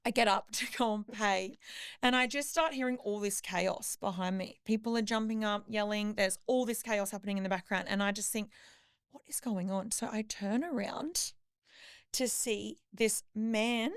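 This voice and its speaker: A woman on a podcast, telling a chaotic story with lively acted-out voices of other people. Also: medium pitch, normal speed, clean tone, dry recording, clean studio sound. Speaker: podcast co-host. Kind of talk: casual storytelling chat.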